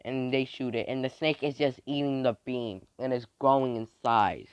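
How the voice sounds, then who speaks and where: A man's voice: medium pitch, steady tone, moderate pace, hardly any pauses, clear, resonant tone, no echo. A man narrating an improvised fan story, rambling along with many fillers and restarts.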